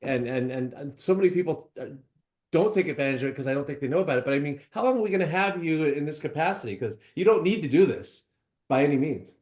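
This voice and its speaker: A man's voice: a little high, expressive, quick pace, darkish tone. A man on a video call asking an earnest question, often repeating words as he talks. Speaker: real estate agent asking a question.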